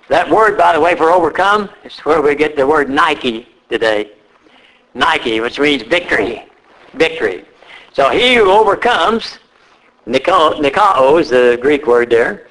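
A man preaching a sermon, reading scripture slowly and repeating key phrases with rising emphasis. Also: on the high side, fairly bright tone, low-quality recording. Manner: reads scripture aloud slowly.

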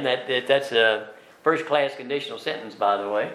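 Deliberate man teaching a Bible class. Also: mid-range voice, fairly bright tone, echoey room, low-quality recording. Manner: slow and deliberate, with many fillers, tag questions and emphatic scripture readings.

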